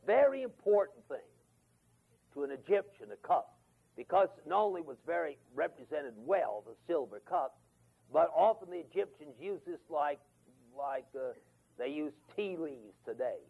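Older man, Bible lesson, storytelling, slightly high, gravelly. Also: expressive, moderate pace. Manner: folksy storytelling, acts out quotes. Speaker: Bible teacher. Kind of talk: Bible lesson to a men's class. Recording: tinny, warbly 1980s lecture tape.

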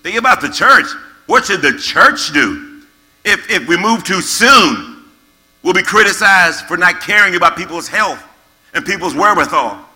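A man preaching a sermon to young people, reading scripture slowly and repeating key words for emphasis. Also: high voice, sing-song, bright, forceful tone. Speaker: pastor. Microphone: camera-facing, recorded for online viewers.

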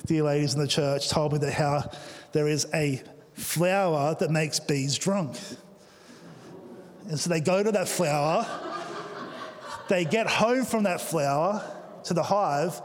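Man, pastor preaching, jokey asides, slightly high voice, long reverb hall. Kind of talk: sermon. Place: church auditorium.

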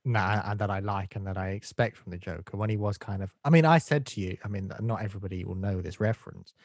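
A man's voice: on the low side, quick pace, no room sound. A man co-hosting a podcast, giving blunt, opinionated film takes in casual chat and mimicking voices when he quotes. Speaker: podcast co-host.

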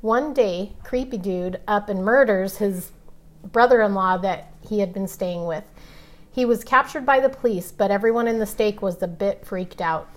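A woman's voice: medium pitch, normal speed. A woman co-hosting a podcast, chatting casually and reading listener mail aloud in a plain, matter-of-fact way. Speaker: podcast co-host.

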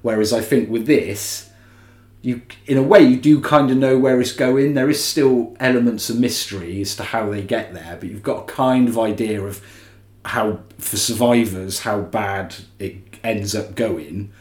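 A man's voice: on the low side, moderate pace, darkish tone. A man co-hosting a podcast in casual chat, chatty and rambling, with plenty of restarts. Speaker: podcast co-host. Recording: roomy echo.

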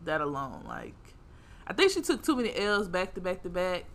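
A woman's voice: fairly low pitch, sing-song, moderate pace, fairly bright tone. A young woman hosting a podcast, chatting casually and bluntly about a TV episode, cursing freely and laughing often. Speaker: podcast host. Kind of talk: casual chat recapping a TV show.

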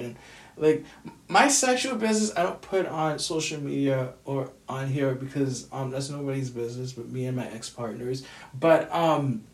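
A male vlogger with a slightly high voice rants at the camera in frustration, swearing and repeating himself a lot. He sits well back from the mic, so the room's echo comes through.

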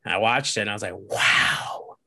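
Young man, bright tense voice, dry close sound, animated casual chat. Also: lowish voice, rapid-fire, no echo. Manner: animated storyteller, lots of "like". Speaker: podcast guest.

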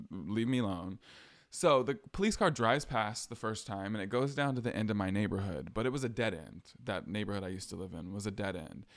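A young adult man hosting a podcast, telling a personal story in a casual, sassy way with slang asides. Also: on the low side. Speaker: podcast host.

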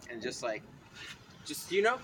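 A man's voice: medium pitch, sing-song, a little slow, a bit bright, a little hiss or hum. A man chatting casually in a car, rambling and swearing in a laid-back way. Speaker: podcast co-host. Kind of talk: casual chat.

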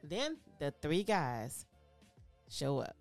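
A podcast co-host in casual chat who goes over the episode and acts out what others said in animated bursts. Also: mid-range voice, extremely slow, soft background music. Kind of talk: casual chat recapping reality TV.

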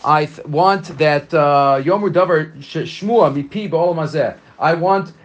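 Man giving a lively Talmud class. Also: a little high, a little slow, lo-fi sound, a little hiss or hum. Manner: reads Aramaic lines then explains them in English, with many restarts. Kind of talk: casual Talmud lesson.

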